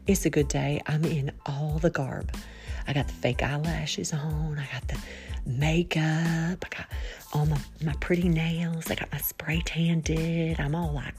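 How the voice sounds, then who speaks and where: A woman's voice: sits low, fairly even intonation, unhurried, a little mellow, soft background music. A woman hosting her own podcast, chatting playfully and giggling, and breaking into spoken prayer along the way. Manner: bubbly, playful, giggly, prays aloud mid-talk. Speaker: podcast host. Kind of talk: casual faith chat podcast.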